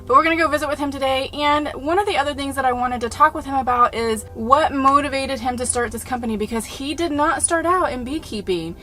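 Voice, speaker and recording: A woman's voice: sits high, fairly quick, few pauses, fairly bright tone, faint music behind. A woman with a Texas Southern accent, talking to her viewers as a travel vlogger in a chatty, upbeat way. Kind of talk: casual vlog talk to camera.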